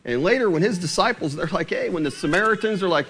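A man preaching a sermon, asking the congregation rhetorical questions and slowing down to read scripture aloud. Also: sits high. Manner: animated, asks rhetorical questions, slows for scripture.

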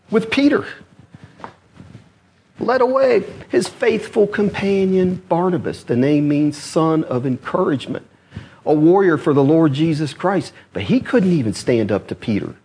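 A man's voice: high-pitched, a little mellow. A man preaching an expository sermon, asking his listeners questions, answering them himself and repeating key words for emphasis.

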